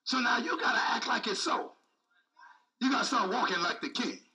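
A man's voice: very high-pitched, normal speed, pushed and bright, distant mic, low-quality recording. A man preaching a sermon with speech, repeating phrases and calling out to the congregation. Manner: call-and-response preaching, repetitive, emphatic.

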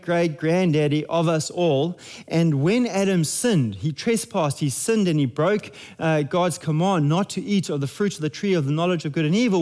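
A man's voice: high voice, darkish tone. A man, preaching a sermon in a conversational, jokey way with frequent restarts. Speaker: pastor.

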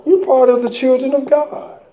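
A man with a strikingly high voice preaches a sermon, fervent and colloquial, firing rhetorical questions at the congregation. The recording is dull and lo-fi. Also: level tone, normal speed, a crowd in the background.

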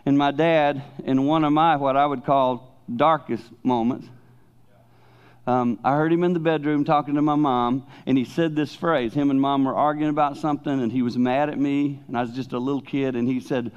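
An older man preaching a sermon, swinging between loud emphasis and hushed, personal asides. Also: medium pitch, fairly even intonation, normal speed, clean tone. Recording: dull lo-fi recording.

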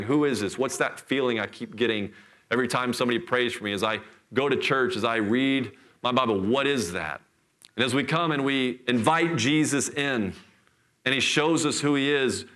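A middle-aged man preaching a sermon in church, telling a scripture story with lively, acted-out voices. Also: mid-range voice. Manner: animated storytelling, acts out voices. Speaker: pastor.

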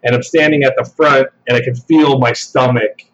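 A man spins a long story in an easygoing, loose way, cursing as he goes. His voice sits at an ordinary pitch, and the recording sounds a little dull and muffled. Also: normal speed. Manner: relaxed, swears freely, laughs while telling. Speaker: podcast guest. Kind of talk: casual storytelling.

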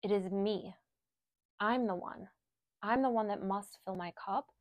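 A woman leading affirmations and spiritual reflection with a gentle, unhurried delivery, letting each phrase settle before she repeats it. Her voice is mid-pitched and recorded close in a dry, deadened room with no echo. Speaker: spiritual guide.

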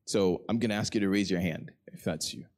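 A middle-aged man preaching a sermon in a church, telling a story with earnest energy that settles into quiet, prayerful tones. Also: low-pitched, a little fast. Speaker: pastor. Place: church hall with a congregation.

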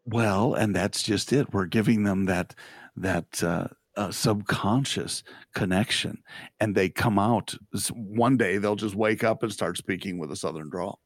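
A middle-aged man co-hosting a casual podcast, with a voice on the low side. He jokes and teases his co-host and laughs often. The recording is dry and close. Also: measured pace, no room sound. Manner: jokey, teasing, laughs often. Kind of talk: casual chat.

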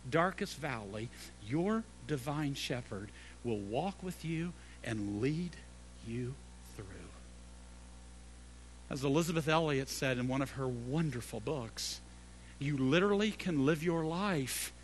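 A middle-aged male pastor preaching a sermon, swinging between loud emphatic peaks and hushed low phrases, and repeating key phrases for emphasis. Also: slight background noise.

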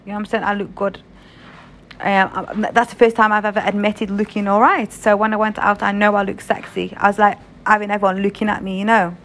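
A woman's voice: mid-range voice, level tone, brisk, a bit bright, slight background noise. A young British woman telling a story in a casual vlog, frank and chatty, swearing freely. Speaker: vlogger.

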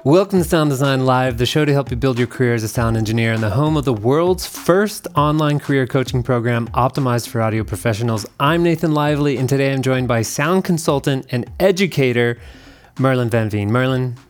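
A man's voice: medium pitch, brisk, soft background music. A man hosting a podcast, asking questions in a casual, friendly interview. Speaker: podcast host. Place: outdoors at a mountain view.

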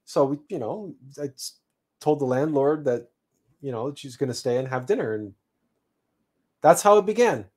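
A man hosting a livestream, telling a personal story in an unhurried, reflective way with frequent restarts. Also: mid-range voice, animated, a little mellow. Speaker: livestream host.

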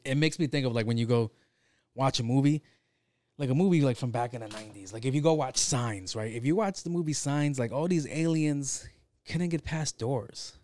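A man's voice: mid-range voice, normal speed, warm tone, dry recording. A man talking in a loose, rambling monologue, swearing often and leaning on fillers. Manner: profane, rambling, with frequent fillers.

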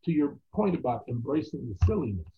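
A man telling stories as an actor guest in a casual interview, animated and quoting other people's voices. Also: medium pitch, fairly quick, vocal fry, slight background noise. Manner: animated anecdotes with quoted voices. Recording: tinny phone-like line.

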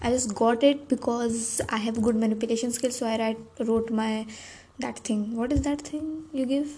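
A woman's voice: on the high side, steady tone, moderate pace, warm tone, rough recording. A young adult woman hosting a solo podcast, rambling and self-deprecating with many restarts. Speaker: podcast host. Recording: faint background noise.

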